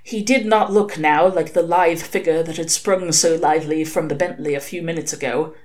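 A woman reading a novel aloud, narrating with lively expression. Her voice sits slightly low for a woman, steady and clear through the story. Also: moderate pace. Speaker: reader.

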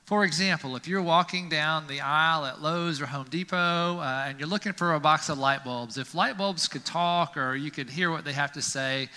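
A male pastor preaches in a folksy, conversational way, leaning on casual fillers. His voice is very bright and a little high. It carries the long reverb of a church sanctuary. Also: moderate pace, few pauses. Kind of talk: sermon.

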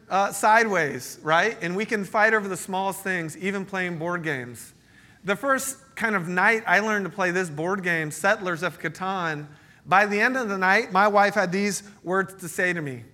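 A man's voice: sits high, unhurried. A man in his thirties preaching a sermon as pastor, joking and telling stories. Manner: storytelling, joking, animated. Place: church meeting space.

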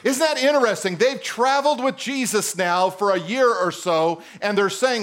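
A middle-aged male pastor preaching a sermon in a church, animated and teasing his congregation. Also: high voice, moderate pace, few pauses.

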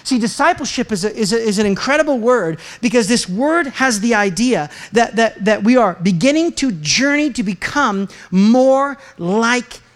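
An American pastor delivering a sermon, telling a personal story with self-deprecating humor and animated delivery. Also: mid-range voice, normal speed, few pauses. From United States.

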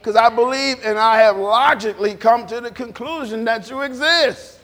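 A man preaching an informal, conversational sermon, animated and repetitive, drawing responses from the congregation. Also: extremely high pitch, normal speed. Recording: long reverb in a church hall.

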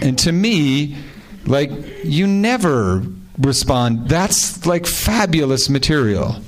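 A man's voice: on the high side, animated, slow, some chatter behind. A man, an author on a panel, telling stories and reading letters aloud in a wry, amused way, often laughing and rambling with restarts.

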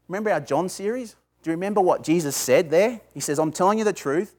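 A man's voice: high voice, fairly quick, darkish tone. A man preaching a sermon to a small group, talking conversationally, asking his listeners questions and building to emphatic bursts. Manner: asks the audience questions. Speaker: pastor.

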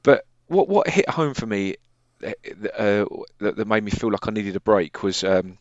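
A man's voice: lowish voice, lively intonation, moderate pace, dry recording. Man, 30s, casual co-host, restart-heavy rambling; dull, dry recording. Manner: rambling, many restarts and fillers. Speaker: podcast co-host. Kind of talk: casual chat. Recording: muffled dry sound.

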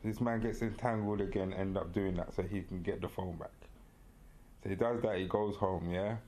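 A man in casual podcast chat, telling a long story with slangy, animated energy. His voice sits low, and he laughs often as he talks. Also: normal speed, slight background noise. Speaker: podcast co-host.

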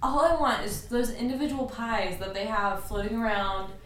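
A woman's voice: a little high, normal speed. A young woman co-hosting a podcast, teasing and giggly in casual chat. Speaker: podcast co-host. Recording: echoey room, distant mic.

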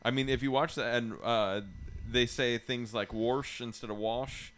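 A man's voice: medium pitch, fairly even intonation, fairly bright tone, a little hiss or hum. Joking young man chatting on a handheld mic. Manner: joking, crude, quick to laugh. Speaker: podcast host. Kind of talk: casual chat.

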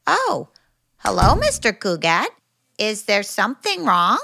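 Bright, slow-spoken sentimental maid for an old radio sitcom. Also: female voice, mid-range voice, huge pitch swings, vocal fry, exaggerated voice. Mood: sympathetic. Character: soft-hearted female housemaid, fussy and sympathetic. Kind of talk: 1940s radio acting.

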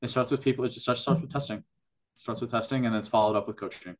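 A man's voice: mid-range voice, steady tone, fast. A man who works in functional medicine, a guest on a podcast interview, explaining at length with enthusiasm and frequent restarts.

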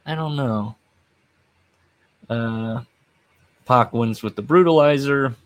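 A man's voice: mid-range voice, takes it slowly. A middle-aged man hosting a casual podcast recap, rambling with wry, offhand asides. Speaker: podcast host recapping wrestling.

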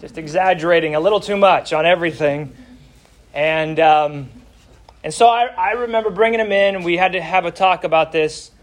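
A man's voice: high-pitched, moderate pace. A middle-aged man teaching an adult Bible class, telling a family story in a folksy way and stressing key words.

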